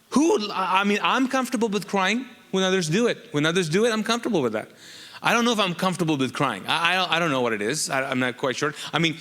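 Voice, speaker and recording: A man's voice: on the high side, pushed and bright, in a large hall. A man preaching a sermon as pastor, talking conversationally and bantering with the congregation with questions. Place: church auditorium.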